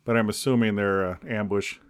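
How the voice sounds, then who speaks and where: A man co-hosting a podcast, cracking deadpan jokes in casual rambling chat. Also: fairly low pitch, a little fast, clear, resonant tone. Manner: deadpan jokey, rambling with restarts. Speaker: podcast co-host.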